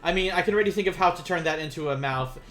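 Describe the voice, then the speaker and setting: A man teaching beginner Japanese in a casual livestream, rambling and self-amused, softly counting out strokes as he writes. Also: a little high, racing, soft background music.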